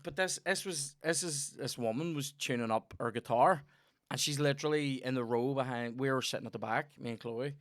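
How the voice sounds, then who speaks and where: A Northern Irish man telling sweary, animated stories in a casual comedy podcast chat. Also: mid-range voice, a little fast. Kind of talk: casual banter and storytelling.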